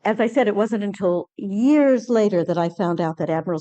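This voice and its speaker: A woman speaking at a conference, telling a personal story with lively acted-out dialogue and frequent fillers and restarts. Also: mid-range voice, fairly quick. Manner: animated storytelling, acting out quoted dialogue. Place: conference lecture hall.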